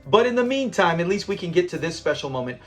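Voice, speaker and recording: A man's voice: high-pitched, very animated, fast talker, fairly bright tone, faint music behind. A man hosting a classic TV reaction channel, talking in an enthusiastic, rambling and sentimental way. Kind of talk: casual commentary.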